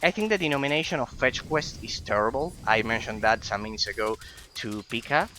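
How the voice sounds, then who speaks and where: A man's voice: medium pitch, animated, fairly quick, bright, forceful tone, a little hiss or hum, rough recording. Analytical gamer man. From Italy. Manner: musing, analytical, with many fillers. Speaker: gaming streamer. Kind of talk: let's-play commentary.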